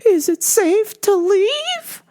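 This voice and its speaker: A woman voicing a frightened elderly shopper who talks slowly and worriedly. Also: very high voice, very animated, mellow, voice pushed up, heavily acted. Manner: trembling, slow and worried.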